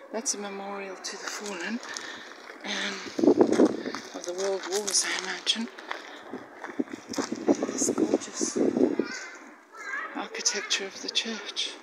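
Casting: older woman narrating a walking tour, handheld phone outdoors, heavy noise. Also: medium pitch. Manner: chatty, admiring, often drops to a hushed voice. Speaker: vlogger. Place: outdoors in a village street. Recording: loud background noise.

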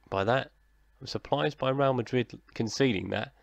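A man's voice: medium pitch, moderate pace, vocal fry, hardly any pauses, no echo. A man, casually narrating his football management game like a commentator and chatting with himself in a self-deprecating way. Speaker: gaming YouTuber. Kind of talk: casual let's-play commentary.

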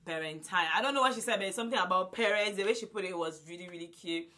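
A woman in her twenties vlogging loudly and effusively to a phone camera, repeating herself often. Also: mid-range voice, rapid-fire. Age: 20s. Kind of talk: casual vlog to camera.

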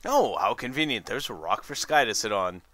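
A man's voice: on the low side, expressive, normal speed, bright, forceful tone, no room sound. A tired man doing rambling, sarcastic commentary over a video game. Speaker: let's play commentator.

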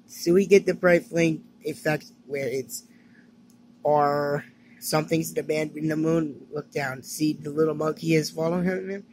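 A man voicing a kindly grown-up in a cartoon, explaining things gently to a child and a monkey. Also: a little high, steady tone, unhurried, slight background noise, lightly acted, rough recording. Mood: gentle. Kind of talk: animated cartoon dialogue.

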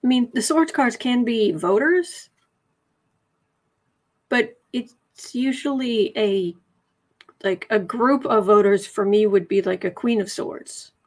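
On her casual tarot livestream, a woman reads viewer comments aloud and chats loosely, rambling and self-correcting. Her voice is a little high and a little mellow, and she speaks slowly.

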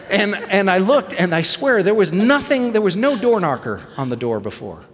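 High-voiced male pastor in a big hall. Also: measured pace. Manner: animated, self-deprecating storytelling with restarts. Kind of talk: sermon story. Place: church sanctuary.

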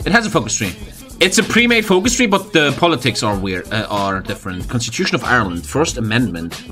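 A man's voice: medium pitch, big pitch swings, fast, sharp tone, soft background music. A man streaming a strategy game, joking crudely and swearing often. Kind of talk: live game stream commentary.

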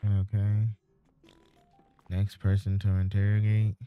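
A man's voice: fairly low pitch, slow, narrow, tinny audio, soft background music. A man giving casual, wry commentary while playing a video game. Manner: wry, deadpan asides. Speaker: gaming streamer.

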